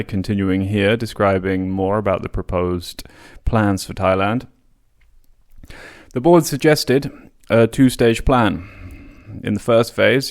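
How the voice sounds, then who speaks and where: Low-voiced man reading history aloud. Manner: reads long quotes with casual spoken asides; occasional stumbles and restarts on words. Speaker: podcast host.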